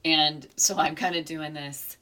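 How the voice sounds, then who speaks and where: A woman with a low voice tells a personal story in a relaxed chat. She is animated and reflective, and she acts out the people she quotes. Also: a little slow. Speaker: podcast co-host. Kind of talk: casual chat.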